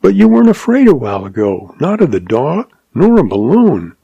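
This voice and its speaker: Spirited young ranch gal, high and lively, a man doing her voice. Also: moderate pace, creaky, husky, no room sound, lo-fi sound, exaggerated voice. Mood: earnest, teasing. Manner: raised high voice, animated.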